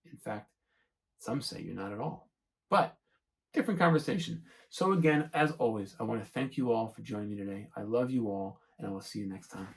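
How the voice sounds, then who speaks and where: A man's voice: fairly low pitch, lively intonation, brisk, low-quality recording. A man hosting a self-help channel, talking through his thoughts in a rambling, searching monologue and often checking in with the listener. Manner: rambling, searching, keeps asking "right?". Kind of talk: reflective monologue to camera.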